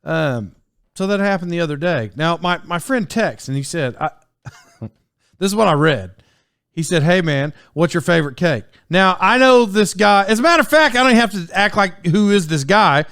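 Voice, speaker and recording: A man's voice: high voice, animated, normal speed, a bit bright, clear, resonant tone, no echo, studio quality. A man in his forties telling stories on his solo podcast in a casual, rambling way, full of fillers and restarts. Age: 40s. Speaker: podcast host.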